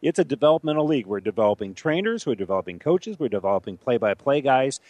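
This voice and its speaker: A male sports radio co-host in casual talk, animated and a little halting as he restarts his sentences. His voice sits mid-pitch, recorded dry and close in a studio. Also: no echo.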